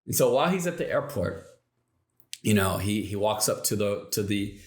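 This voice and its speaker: A man's voice: lowish voice, expressive, normal speed, reverberant. Man giving a rambling motivational talk. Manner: rambling storyteller who acts out quoted lines. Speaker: motivational channel host.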